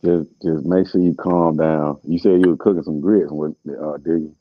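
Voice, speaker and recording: A man on a discussion panel who chimes in with low-key, agreeing remarks. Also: fairly even intonation, moderate pace, no room sound, lo-fi sound.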